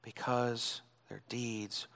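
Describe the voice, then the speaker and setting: A man preaching a sermon, dramatic, swinging between loud emphasis and hushed, near-whispered lines. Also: medium pitch, flat delivery, drawn-out words, gravelly. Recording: long hall reverb.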